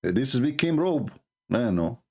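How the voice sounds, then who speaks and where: A man's voice: medium pitch, very animated, a little slow. A man giving a sarcastic, mocking monologue as a religious debater, full of scornful rhetorical questions.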